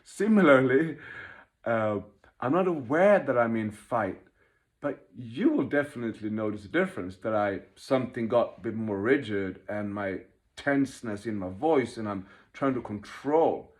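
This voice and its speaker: A man leading a workshop, talking fast and animatedly, laughing at himself and acting out inner voices as he explains. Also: medium pitch, expressive. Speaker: workshop leader. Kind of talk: informal teaching talk.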